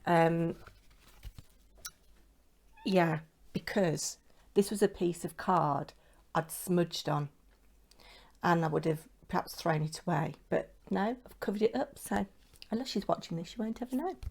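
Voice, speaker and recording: A woman's voice: on the low side, unhurried, vocal fry, long pauses, darkish tone, husky. A middle-aged British woman chatting casually to camera at home as she shows her handmade crafts, rambling along. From United Kingdom. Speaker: craft vlogger.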